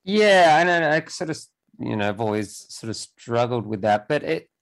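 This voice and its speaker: A young man talking as a podcast guest in casual conversation, halting and often restarting his sentences. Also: mid-range voice, expressive, vocal fry, poor audio. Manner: halting, with many restarts and repeated words.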